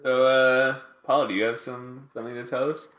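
A man co-hosting a casual comedy chat, telling jokes in a dry, deadpan way. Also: mid-range voice, normal speed, roomy sound. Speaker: podcast co-host.

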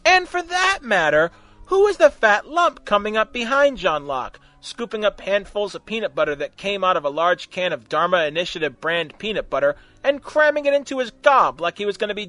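A man narrating a comic fan fiction story in an animated, mocking way. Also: high voice, no echo. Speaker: story reader.

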